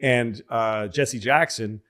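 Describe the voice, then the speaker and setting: A middle-aged man from Massachusetts tells stories in a loose, casual podcast chat. He talks at an ordinary, middle pitch and slips into louder, higher put-on voices whenever he quotes someone. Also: slow pace. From Massachusetts, USA. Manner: animated storyteller who acts out quoted people in raised voices. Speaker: podcast guest, comedian.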